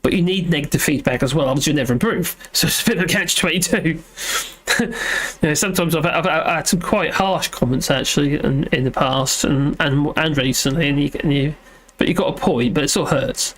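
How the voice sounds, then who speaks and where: Man with a fairly high voice, hosting a live chat from home; rambly, self-deprecating, lots of ums. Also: brisk, a bit bright. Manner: rambling, self-deprecating, many fillers and restarts. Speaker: livestream host reading chat.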